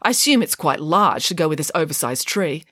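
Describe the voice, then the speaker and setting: A woman reading aloud and voicing a coolly logical schoolgirl detective who speaks flat and matter-of-fact. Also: sits low, a little fast, no room sound, studio quality. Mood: deadpan.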